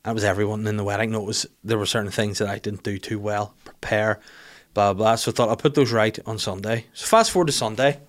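A man's voice: fairly low pitch, steady tone, fast. A man, telling funny self-deprecating stories about his life in casual, sweary talk. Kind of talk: casual storytelling monologue.

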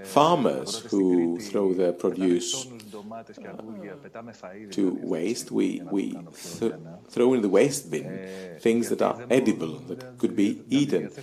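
Man, panel speaker; slow, halting delivery with a slightly low, gravelly voice. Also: darkish tone, soft background music. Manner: halting, with many pauses and fillers. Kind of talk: live webcast panel discussion.

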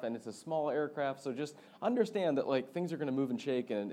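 Mellow-voiced young pastor telling a story. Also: male voice, medium pitch. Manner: animated storytelling, laughs often. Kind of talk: sermon.

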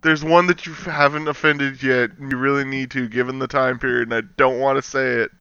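Bright teasing man, lo-fi audio. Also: medium pitch, fairly even intonation, a little fast, clean tone. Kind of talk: casual chat.

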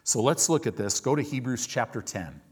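An animated man preaches from the pulpit of a church, his voice sitting at an ordinary middle pitch for a man. He drops into soft asides, then acts out his listeners' thoughts in a loud, raised voice. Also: moderate pace, husky. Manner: animated, swings between soft asides and loud acted-out quotes. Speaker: pastor. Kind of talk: sermon. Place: church sanctuary.

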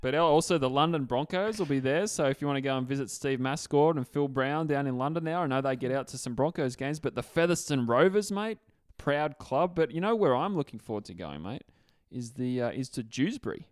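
A man's voice: mid-range voice, animated, fairly quick, no echo, studio quality. A man co-hosting a casual sports podcast, bantering and joking with his co-host. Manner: jokey, banter-filled.

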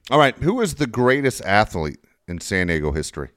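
A man hosting a podcast quiz segment, teasing his co-host in a quick, matter-of-fact way. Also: on the low side, sing-song, a bit bright, no room sound, clean studio sound. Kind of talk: casual podcast banter.

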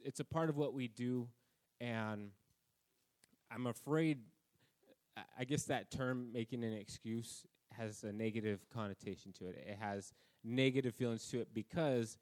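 Man, pastor, casual sermon, self-deprecating, mid-pitched voice, church service. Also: a little mellow. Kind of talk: conversational sermon.

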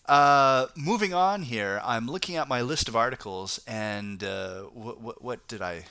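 A man's voice: mid-range voice, unhurried, bright, forceful tone, clear, resonant tone, no echo. A man hosting a casual podcast, chatting about news stories with frequent restarts and laughter. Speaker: podcast host reading news. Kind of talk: casual chat.

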